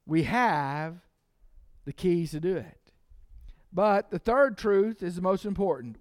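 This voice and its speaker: A man's voice: high voice, normal speed, a little mellow, dry recording, clean studio sound. A man preaching a sermon as pastor, emphatic and repeating key lines for the congregation to say with him.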